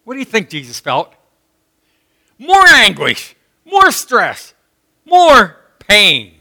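A man preaching a sermon, impassioned and rising to shouts when he acts out prayers. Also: high-pitched, wildly swooping pitch, slow pace. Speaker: pastor.

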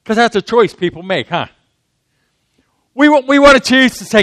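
A man's voice: high-pitched, animated, moderate pace, long pauses, fairly bright tone, dry recording. A man preaching a sermon in a conversational way, often asking the congregation questions.

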